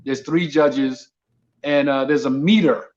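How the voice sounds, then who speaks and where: A man's voice: medium pitch, slow, highs cut off. A man from Brooklyn, a comedian telling a story casually and acting out the dialogue. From Brooklyn, New York. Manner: animated storyteller, acts out dialogue. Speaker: comedian guest.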